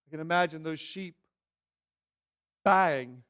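High-voiced animated male preacher. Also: moderate pace. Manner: animated, acts out characters' voices. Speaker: pastor. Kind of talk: sermon.

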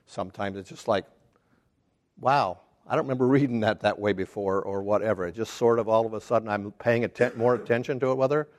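A man teaching a casual Bible study class, talking haltingly with restarts and putting questions to the group. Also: fairly low pitch. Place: church classroom.

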